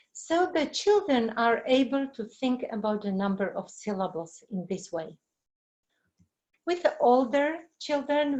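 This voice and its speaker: Slow, hesitant woman giving a webinar. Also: a little high, darkish tone, low-quality recording. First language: Czech. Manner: hesitant, many fillers and apologies. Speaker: teacher trainer. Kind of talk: webinar presentation.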